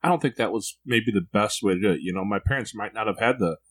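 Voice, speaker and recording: A man's voice: lowish voice, fast talker. Reflective man telling a personal story. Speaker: podcast co-host sharing parenting stories. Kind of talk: casual conversation.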